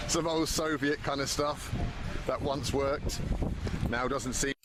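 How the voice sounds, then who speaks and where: A man's voice: medium pitch, steady tone, takes it slowly. A man narrating a casual travel vlog to his handheld camera, chatty and wry, walking through town streets and later sitting in a bar. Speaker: travel vlogger. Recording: loud street noise from a video clip.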